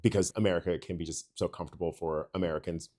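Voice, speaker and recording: A man's voice: deep voice, fairly even intonation, fast, dark tone. A man hosting a podcast, asking a friend casual, encouraging questions. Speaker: podcast host. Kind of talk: casual interview.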